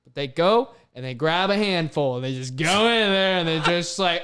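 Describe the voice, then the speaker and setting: A young man hosting a podcast, telling stories in a casual, profane, animated way. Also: fairly high pitch, moderate pace, hardly any pauses, slight background noise. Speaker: podcast host. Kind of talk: casual chat.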